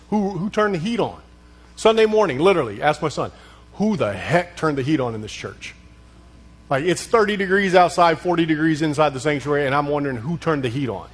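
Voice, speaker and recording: A man with a somewhat high, husky voice leads a leadership session as a pastor. He preaches conversationally, with humor and questions thrown back at his listeners.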